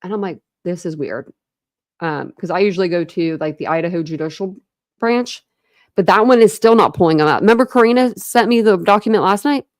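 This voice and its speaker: A woman's voice: mid-range voice, animated, fairly quick, dry recording, studio quality. A young woman from Ohio hosting a casual true crime livestream, rambling and chatty with lots of fillers and restarts. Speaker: true crime channel host. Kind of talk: casual livestream chat with viewers.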